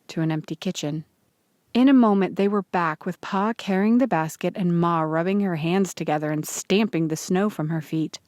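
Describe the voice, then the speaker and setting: Woman, audiobook narrator, children's story, steady, clear, mid pitch, dry recording. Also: normal speed, no room sound. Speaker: audiobook reader.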